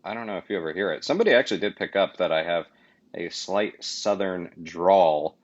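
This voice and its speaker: A man with a low-set voice co-hosting a podcast in loose, joking banter. He rambles, cuts himself off and circles back. The sound is a little dull and lo-fi. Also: a little fast. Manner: rambling, jokey, self-interrupting. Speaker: podcast co-host.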